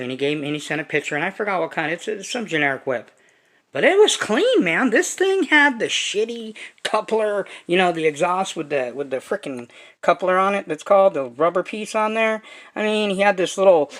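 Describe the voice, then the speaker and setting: A man's voice: a little high, fairly bright tone. A man vlogging casually to his viewers in a rambling, profane, emphatic way. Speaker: hobby vlogger. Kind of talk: casual chat to camera.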